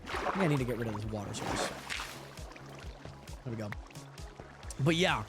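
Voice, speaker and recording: A man's voice: medium pitch, lively intonation, normal speed. A man livestreaming a game, chatting casually and rambling to his viewers as he plays. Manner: rambling, chatty, talks to chat viewers between game actions. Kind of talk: casual gaming livestream chat. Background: background music.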